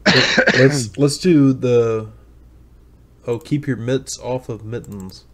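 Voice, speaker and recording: A man's voice: medium pitch, slow pace, fairly bright tone. A man co-hosting a podcast who introduces clips and reacts bluntly, swearing often. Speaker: podcast co-host. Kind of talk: casual chat.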